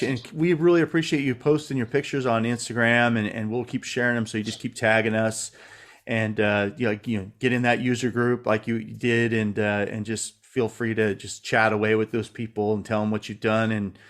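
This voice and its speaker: A man's voice: mid-range voice, little pitch movement, moderate pace. A man hosting a casual video-call chat, rambling in a friendly way and repeating words as he goes. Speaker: company host interviewer.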